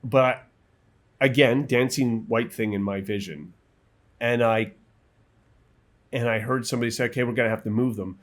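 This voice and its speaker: Man retelling a blast in halting bursts. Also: medium pitch, steady tone. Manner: vivid, halting retelling with quoted voices and restarts. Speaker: guest, military veteran. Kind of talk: personal storytelling.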